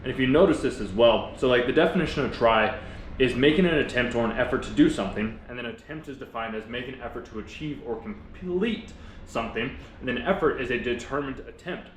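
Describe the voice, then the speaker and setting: A man's voice: mid-range voice, animated, a little fast, reverberant, a little hiss or hum, rough recording. A man vlogging a casual motivational monologue, earnest and reflective, talking with his mouth full while he eats. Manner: earnest, reflective, rambling with restarts.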